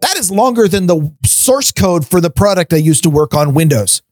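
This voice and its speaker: Middle-aged guy ranting on a podcast, kinda high voice, dry sound, stumbles over his words. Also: expressive, moderate pace, darkish tone, dry recording. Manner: ranting, stammers on restarts, laughs between points. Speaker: podcast co-host. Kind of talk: casual chat.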